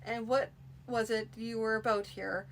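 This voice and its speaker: A woman voicing a stern, commanding male baron in a read-aloud fantasy story, with a measured, dry manner. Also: a little high, steady tone, slight background noise, rough recording.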